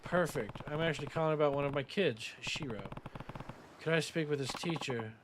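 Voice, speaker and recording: A man's voice: on the high side, fairly quick, lightly acted. A man voicing a stern, protective grown man who looks after orphans, reading the game's subtitles aloud over a hiss. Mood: firm.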